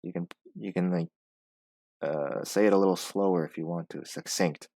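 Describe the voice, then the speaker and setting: A low-voiced man reads a text aloud in a pronunciation lesson, pausing often to repeat single words slowly and explain their sounds. The sound is close and dry, with no room around it. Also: steady tone, mellow, no room sound. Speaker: English pronunciation teacher.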